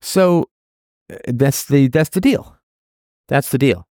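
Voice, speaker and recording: A man's voice: mid-range voice, expressive, slow, darkish tone, no room sound, clean studio sound. A man delivering an emphatic philosophical monologue and repeating his points to drive them home. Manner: emphatic, repetitive, argumentative.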